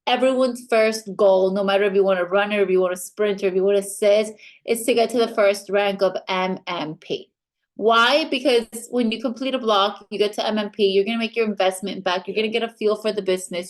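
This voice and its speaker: A woman in a mid-range voice leads a training talk for new team members in front of a live group. She sounds upbeat and direct. When she quotes people, she briefly acts out their voices. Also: medium pitch.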